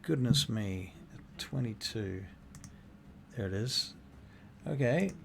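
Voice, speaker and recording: Gravelly-voiced man running a tabletop game. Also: on the low side, animated, takes it slowly, a little hiss or hum. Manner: thoughtful narration with many fillers and restarts. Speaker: game master.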